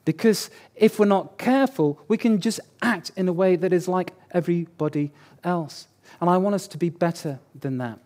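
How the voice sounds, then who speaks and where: A man's voice: high-pitched, normal speed, a little mellow. A man preaching a sermon as pastor, conversational and joking, repeating key words for emphasis.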